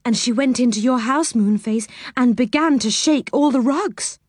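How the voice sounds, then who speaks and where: A woman voicing a lively, cheeky fairy girl in a storybook read-aloud, retelling events with high, animated emphasis. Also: normal speed, husky, no room sound, clean studio sound. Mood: scornful.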